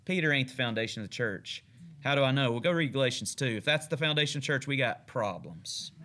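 Folksy pastor preaching emphatically. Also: male voice, medium pitch, lively intonation, fast talker, bright, forceful tone. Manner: folksy, emphatic preaching with rising and falling intensity. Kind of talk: midweek Bible study sermon.

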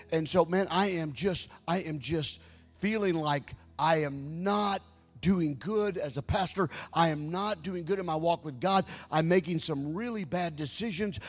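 A middle-aged man preaching a sermon as pastor, stammering into repeats and building to near-shouting fervor. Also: a little high. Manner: repeats words when wound up, rises to near-shouting fervor. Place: large church. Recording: live sermon in reverberant hall with music.

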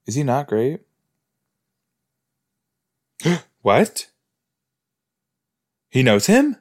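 A man's voice: medium pitch, huge pitch swings, extremely slow. A man hosting a podcast, reacting casually and jokingly while watching an episode. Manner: chatty, joking, thinks aloud with fillers. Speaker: podcast host.

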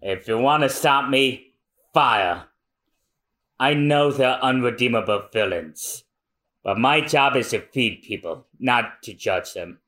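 A man voicing a calm young male cook who speaks in a quiet, matter-of-fact way. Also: mid-range voice, slow, voice pushed down.

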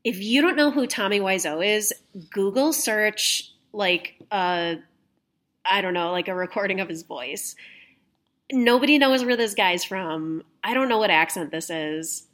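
A woman's voice: medium pitch, lively intonation, measured pace, a bit bright. A young adult woman hosting a podcast, telling stories in casual chat, laughing often and swearing casually. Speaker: podcast host.

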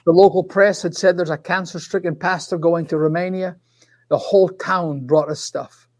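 A man in his sixties tells a personal story with lively animation, voicing each side of the conversation himself. His voice sits noticeably high for a man. He speaks from a studio microphone. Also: moderate pace. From Scotland. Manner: animated storyteller, acts out dialogue. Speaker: minister and author. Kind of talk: storytelling testimony.

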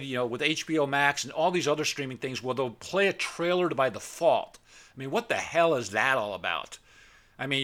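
Fairly high in pitch and fairly bright in tone, a middle-aged man hosting a podcast rants without a script. He voices both sides of each argument loudly, speaking bluntly and stumbling over repeated words.

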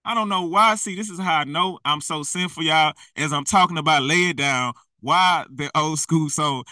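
A man's voice: a little high, normal speed, few pauses, sharp tone, no echo, far from the mic, low-quality recording. A man preaching in a blunt, slangy, exhorting way, often laughing at himself. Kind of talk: fiery street-style preaching.

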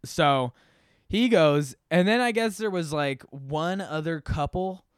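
Male storyteller, rambling and profane, clear voice, dry close sound. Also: on the high side, takes it slowly, no echo. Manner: rambling, self-deprecating, profane, many fillers. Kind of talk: casual storytelling.

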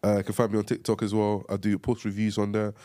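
A man's voice: on the low side, monotone, fast talker, warm tone. A man who is a podcast guest, chatting casually in a laid-back way with slang like "bro.". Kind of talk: casual chat.

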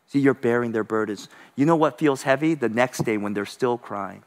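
A man preaching a conversational sermon as pastor, animated, shifting between loud and hushed and calling the congregation to respond. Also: mid-range voice, normal speed, big-room sound.

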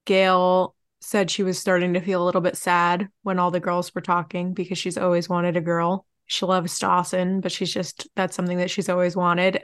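Woman, lowish pitch, smooth clear voice, dry close sound, casual recap co-host. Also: no echo. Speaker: podcast co-host.

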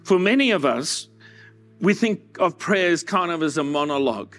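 Male pastor, fairly high voice, earnest conversational sermon, faint music underneath. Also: expressive, normal speed, fairly bright tone. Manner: earnest, conversational preaching with dramatized asides.

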